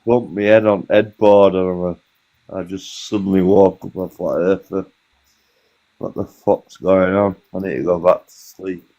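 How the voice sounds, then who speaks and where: A deep, slow-spoken man hosting a livestream, his voice dark and relaxed. He banters with guests, laughing often and swearing freely. The audio is muffled and lo-fi. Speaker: livestream host. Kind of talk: casual chat.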